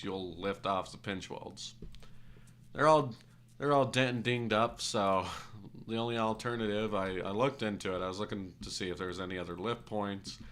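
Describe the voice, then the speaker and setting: Bright-voiced man telling a rambling story. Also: lowish voice, slight background noise. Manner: rambling, self-correcting, casual profanity. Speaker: streamer. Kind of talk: casual storytelling while gaming.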